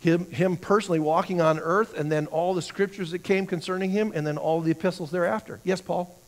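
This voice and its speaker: A man's voice: high-pitched, steady tone, fairly quick. A man teaching a church Bible class, who asks the class questions, answers them himself and often repeats words while he thinks.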